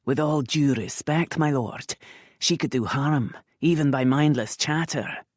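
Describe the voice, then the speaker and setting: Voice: mid-range voice, measured pace, no echo, studio quality, natural voice. A narrator voicing a menacing armed man who speaks guardedly and deferentially to a lord. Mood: wary.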